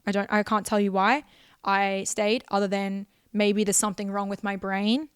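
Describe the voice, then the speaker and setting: A woman's voice: mid-range voice, flat delivery, moderate pace, smooth, no room sound, clean studio sound. A young woman, hosting a podcast and telling a personal story in an emotional, rambling way full of repeated phrases. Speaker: podcast host.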